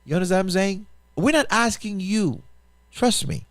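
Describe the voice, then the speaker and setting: Pastor host, man, lively pitch, emphatic and repetitive, dry studio sound. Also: normal speed, dry recording. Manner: emphatic, repetitive, rhetorical questions, restarts. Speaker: pastor and radio show host. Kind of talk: impassioned appeal on a talk show.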